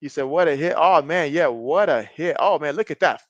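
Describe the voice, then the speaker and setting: A man streaming a game, giving casual play-by-play, reading viewer chat and joking often, getting excitable on big plays. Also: fairly high pitch, moderate pace, hardly any pauses, no echo, lo-fi sound. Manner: jokey, excitable, often laughs. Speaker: live-stream sports commentator.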